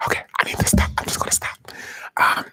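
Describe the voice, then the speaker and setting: A man's voice: rapid-fire, bright, forceful tone, poor audio. A man hosting a casual live stream, whispering to his viewers and giggling at himself. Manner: whispering and giggling, self-mocking.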